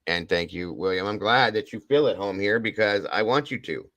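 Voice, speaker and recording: A man's voice: on the low side, moderate pace, background noise. A man hosting a livestream in casual chat, emotionally and effusively thanking his viewers and repeating his praise. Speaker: livestream host.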